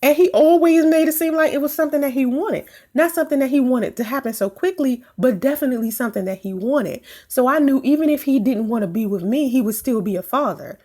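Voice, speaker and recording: A woman's voice: high-pitched, fast, hardly any pauses, dark tone. Woman vlogger, pregnant, answering comments in a casual way; blunt, profane, laughs easily.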